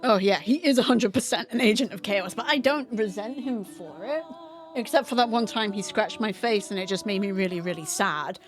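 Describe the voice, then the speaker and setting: A woman's voice: medium pitch, a little fast. A woman streaming from home, chatting casually and candidly with her viewers while setting up a game. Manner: chatty and candid, greets chat by name, swears casually.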